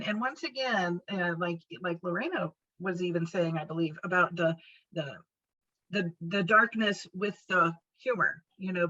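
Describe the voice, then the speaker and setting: An enthusiastic woman guest on an online panel talks at length, circling back with fillers. Her voice is bright and forceful but sits low for a woman. The call audio is dull and lo-fi. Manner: enthusiastic, rambling, many fillers and laughs. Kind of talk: casual panel discussion.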